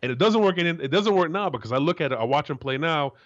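A man in his forties from Florida, co-hosting a sports talk show as a former player, blunt and profane, jumping into a high voice to act out quotes. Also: lively intonation, quick pace, dull audio. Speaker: co-host, former NFL player.

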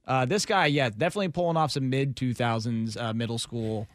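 A man's voice: medium pitch, brisk, no room sound, clean studio sound. A man co-hosting a sports radio show, joking in a laid-back way. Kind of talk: casual sports radio banter.

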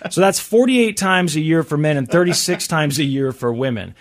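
A man's voice: a little high, expressive, normal speed. A male radio host chatting casually and reading out survey figures.

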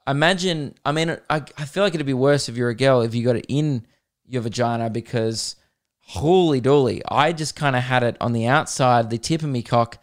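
A young podcast host with a clean, medium-pitched voice tells a funny story in an animated way, swearing as he goes and laughing at his own jokes.

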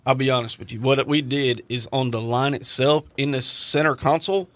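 A man's voice: medium pitch, moderate pace, a bit bright, no room sound. An easygoing man talks through his car mods in casual chat. He chuckles and lets his sentences trail off. The sound is dry and close.

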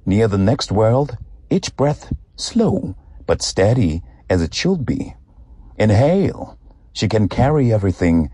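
A man reading a personal essay aloud with slow, deliberate, expressive delivery. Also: on the low side, slightly rough, no echo, studio quality. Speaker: guest reader.

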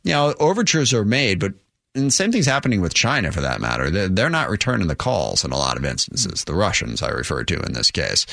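Deep-voiced man, measured interview answers. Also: huge pitch swings, gravelly, a bit bright, dry recording, clean studio sound. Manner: measured, explanatory, with fillers. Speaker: congressman guest. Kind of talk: news interview.

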